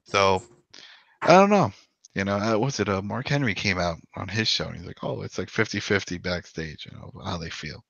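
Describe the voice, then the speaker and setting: A man co-hosting a podcast in casual discussion, rambling and animated, with frequent "you know". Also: sits low, moderate pace, creaky, no echo. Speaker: podcast co-host. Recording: dull lo-fi dry sound.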